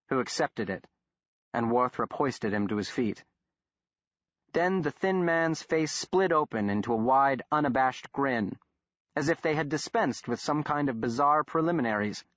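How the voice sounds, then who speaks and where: A male narrator reads a horror novel in a measured, steady way at a middling pitch. The recording is dry with no room sound. It has a slightly dull, muffled quality. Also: no room sound. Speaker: audiobook narrator. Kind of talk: scripted narration.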